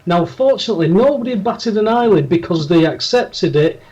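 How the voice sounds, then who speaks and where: High-voiced man telling a rambling anecdote. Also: expressive, brisk, darkish tone, slightly rough, lo-fi sound. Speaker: podcast co-host. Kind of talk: casual storytelling chat.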